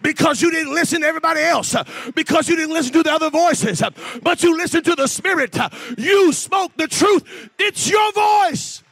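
A man preaching a sermon, shouting in a sing-song cadence with "uh" breaths between phrases. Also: extremely high pitch, moderate pace, no echo.

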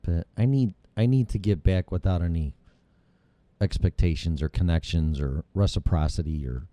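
A man's voice: sits low, normal speed, mellow, no echo. A middle-aged man hosting his own show, delivering a heated, rambling monologue full of profanity. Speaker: show host. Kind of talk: ranting monologue.

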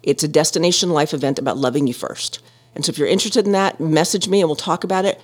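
A woman's voice: sits low, quick pace. A middle-aged woman, chatting and telling a story as a podcast host, often laughing. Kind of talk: casual storytelling.

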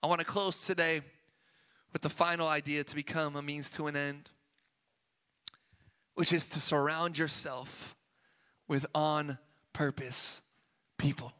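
A pastor from Sacramento preaching a sermon, energetic, building to emphatic peaks with casual asides, in a church auditorium. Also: male voice, a little high, measured pace, long pauses, smooth. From Sacramento, California. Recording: long hall reverb with faint music.

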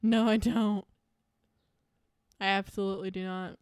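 A woman's voice: medium pitch, flat delivery, measured pace, darkish tone, clear, resonant tone, dry recording, clean studio sound. A young woman co-hosting a true-crime podcast, blunt and exasperated, swearing often. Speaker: podcast co-host.

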